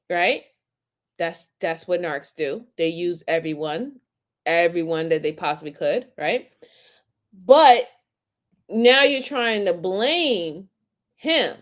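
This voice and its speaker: A woman hosting a live stream, reacting to crime footage with animated, indignant commentary and talking to her chat viewers. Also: mid-range voice. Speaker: host reacting to crime videos.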